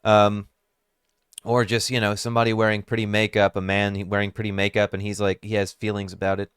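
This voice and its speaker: A man's voice: on the low side, completely flat delivery, brisk, a bit bright, clean tone, no room sound. A man giving casual reaction commentary, musing wryly and thinking aloud on a close microphone. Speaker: YouTube commentator.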